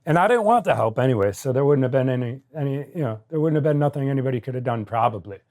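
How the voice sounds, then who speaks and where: A man's voice: mid-range voice, animated, rapid-fire, darkish tone. A middle-aged man from the United States, a guest telling his story in an interview with raw intensity, swearing freely and often adding "right?".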